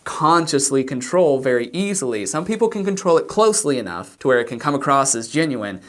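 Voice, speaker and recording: Calm man explaining body language. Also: medium pitch. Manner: measured, explanatory. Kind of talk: reaction commentary.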